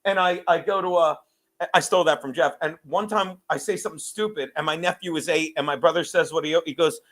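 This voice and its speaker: A man hosting a casual podcast, excitable and swearing freely. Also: a little high, fast talker. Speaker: host.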